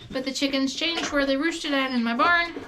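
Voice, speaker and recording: A woman's voice: high-pitched, normal speed. Chatty woman in a noisy barn. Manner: chatty, rambling explanations. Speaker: goat farmer. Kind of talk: casual how-to farm vlog. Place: barn feed room. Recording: farm noise with clucking chickens.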